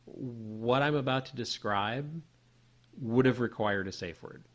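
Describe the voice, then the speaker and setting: Animated man telling a story. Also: medium pitch, a little slow. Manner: animated, lots of restarts and "like". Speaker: podcast co-host. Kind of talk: casual storytelling chat.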